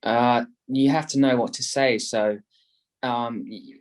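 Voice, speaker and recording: A man talks about property investing as a podcast guest, jumping between his own voice and acted-out phone calls. His delivery is lively and chatty, sitting at a middle pitch. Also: slow. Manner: animated, acts out phone calls. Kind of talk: casual podcast talk.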